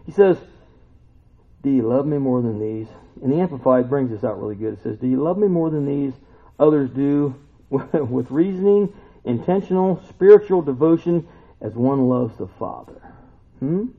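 A man preaching a casual sermon in a conversational, animated way, acting out the voices of the people he quotes. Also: medium pitch, normal speed. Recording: tinny lo-fi phone-like recording.

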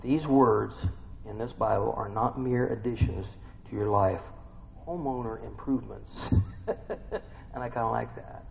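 A man of medium pitch speaks at a measured pace in a gravelly voice, with slight background noise present. As a preacher giving an informal sermon, he talks conversationally, poses questions to listeners, and hums and affirms between points. The recording is dull and lo-fi with long hall reverb.

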